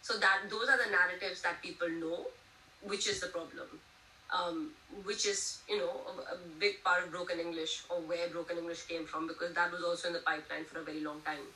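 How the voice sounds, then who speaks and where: Woman in her 20s, interview guest, animated chatty storytelling, echoey room, distant mic. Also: fairly low pitch, fairly quick, slight background noise. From India. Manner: animated storytelling, frequent "you know" and "like". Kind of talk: casual conversational interview.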